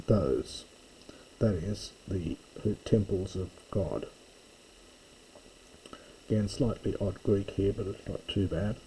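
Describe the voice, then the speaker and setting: A man with a very dark, mellow voice and a low pitch, working through a text in a slow, methodical teaching style. He reads each phrase aloud, then stops to translate it and explain the grammar, with frequent fillers and pauses. A faint hiss of background noise sits behind him. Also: low-quality recording. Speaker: Greek teacher. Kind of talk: slow, methodical lesson reading and parsing text.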